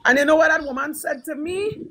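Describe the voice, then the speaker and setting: A woman's voice: sits high, brisk, fairly bright tone, poor audio. A Trinidadian woman talking politics on a live stream with fervent emphasis, repeating her points. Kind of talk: impassioned political talk.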